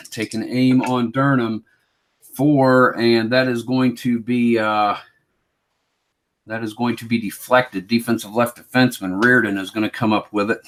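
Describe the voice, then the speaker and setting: A man running a solo tabletop hockey game, calling each play like a sportscaster in a relaxed, self-mocking way. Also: medium pitch. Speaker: board game player and host.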